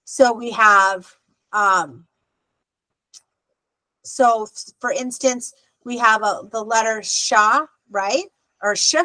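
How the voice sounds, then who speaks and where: A woman's voice: on the high side, steady tone, slow pace, long pauses, pushed and bright, no echo, low-quality recording. A woman teaching an adult Hebrew class over a video call, explaining patiently and checking in with "okay" often. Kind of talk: online adult class instruction.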